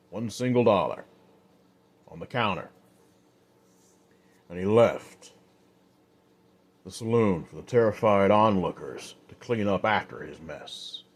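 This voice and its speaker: Man narrating an old-west story, low voice. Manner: slow, unhurried, casual.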